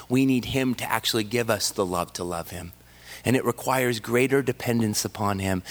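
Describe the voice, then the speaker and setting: A man in his thirties delivers a sermon at a medium pitch. His tone is earnest and weighty, and he drives points home by repeating phrases. In personal stories it turns light and giddy. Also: a bit bright. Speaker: pastor.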